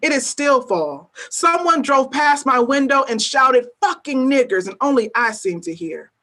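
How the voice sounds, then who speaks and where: A woman poet at an open mic, chatting briefly and then reading her spoken-word poems in a measured, weighty delivery with pointed repetition. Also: high-pitched, a bit bright. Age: adult working as a teacher.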